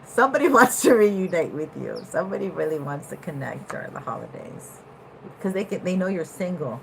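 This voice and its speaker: A woman giving a casual tarot reading to her viewers, animated, at times laughing and jumping from quiet musing to loud excited bursts. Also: sits low, brisk, vocal fry, a little hiss or hum, low-quality recording. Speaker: tarot reader.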